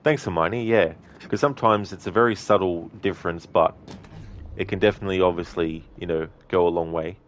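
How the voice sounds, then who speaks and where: A man's voice: low-pitched, brisk, a little hiss or hum. A man streaming a video game, chatting casually and reading out his chat's messages. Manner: chatty, reads out chat messages, laughs often. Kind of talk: casual gameplay commentary.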